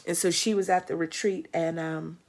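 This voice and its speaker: A woman's voice: on the low side, steady tone, normal speed, darkish tone. A middle-aged woman hosting a livestream, telling a personal story in a reflective way that builds to emphatic testimony. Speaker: host.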